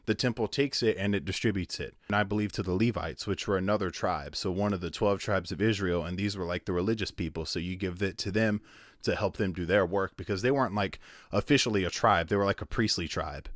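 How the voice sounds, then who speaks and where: A man's voice: low-pitched, fairly quick, no room sound, clean studio sound. A man teaching the Bible in a casual video, rambling and conversational with many asides and fillers. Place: at home with his wife behind the camera.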